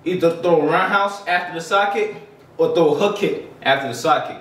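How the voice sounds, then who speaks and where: A man's voice: a little high, a little fast, fairly bright tone. A man teaching basic karate kicks in a loose, chatty way, out of breath as he demonstrates. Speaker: karate instructor. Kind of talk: casual martial arts lesson. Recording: echoey room, mic from a distance.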